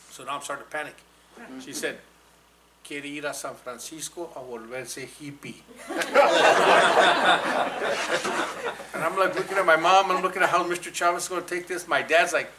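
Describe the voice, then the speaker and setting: A man in his sixties from New Mexico, telling an animated personal story to a live audience at a college fireside chat and slipping into Spanish for quoted lines. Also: mid-range voice, slight background noise, poor audio. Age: 60s. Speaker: guest speaker. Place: college event hall with audience.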